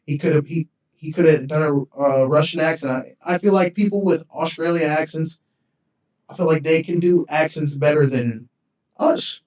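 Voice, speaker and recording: A man's voice: fairly high pitch, moderate pace, darkish tone, roomy sound, far from the mic, poor audio. A man co-hosting a casual podcast, rambling and repeating himself, dropping slang like "you feel me". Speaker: podcast co-host. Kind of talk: casual chat.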